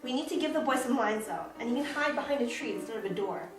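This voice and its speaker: A harried, impatient theater manager, played by a woman who hurries everyone along. The voice is high and lively, and it sounds far from the mic in a very echoey room with faint music. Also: close to an everyday voice. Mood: exasperated. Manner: brisk, exasperated.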